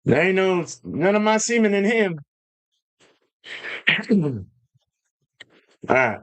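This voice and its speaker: A man's voice: high voice, sing-song, slow pace, fairly bright tone. A man hosting a live stream from his home brewing setup, ranting in a loose, joking, profane way. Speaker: livestream host. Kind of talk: casual live-stream rant.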